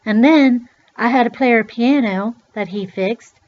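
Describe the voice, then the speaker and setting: A woman's voice: fairly high pitch, a little slow. A middle-aged woman from Pennsylvania rambling through a personal story in a loose, chatty way, swearing now and then. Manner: chatty, loose, swears, acts out voices in quotes. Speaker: vlogger. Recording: dull lo-fi recording.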